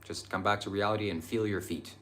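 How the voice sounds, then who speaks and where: Young male live-stream host, low-pitched, earnest, meandering delivery full of ums. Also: steady tone, fast, a bit bright, slight background noise. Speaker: livestream host answering viewer chat. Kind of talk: casual live-stream talk on spirituality.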